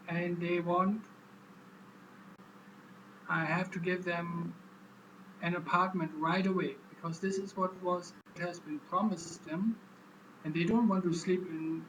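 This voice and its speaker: A man with a fairly high voice talks on his own in a loose, casual monologue. He stumbles and doubles back on his words as he explains. A constant noisy hum sits behind him. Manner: halting, repeats words while explaining. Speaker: vlogger.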